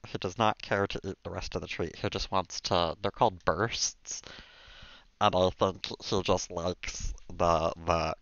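Man putting on an impish little alien creature voice, cooing, low. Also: steady tone, a little slow, fairly bright tone, no echo. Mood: playful. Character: mischievous small male alien creature. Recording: dull dry sound.

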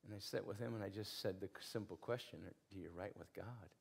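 A man's voice: lowish voice, fairly quick, vocal fry, slightly rough. A man preaching a sermon in an earnest, conversational storytelling way, repeating phrases for emphasis. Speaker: pastor.

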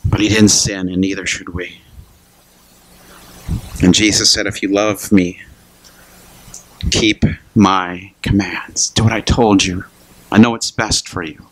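A man's voice: on the low side, flat delivery, moderate pace, pauses often. A man preaching a sermon in a loose, conversational way, repeating and restarting words and calling the listeners "guys". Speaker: pastor. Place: church.

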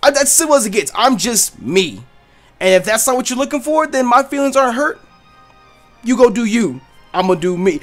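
Loud, cursing man doing game commentary, high and very animated; faint game music behind. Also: fairly quick. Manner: loud, boisterous, cursing and joking. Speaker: Let's Play host. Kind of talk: casual gameplay commentary.

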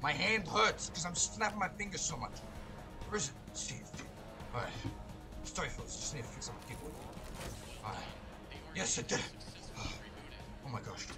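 A man commentating live on his gameplay, excitable and swearing, breaking into loud shouts and tossing out mock tough-guy mobster slang. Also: on the high side, moderate pace, pauses often, music in the background. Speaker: let's play host.

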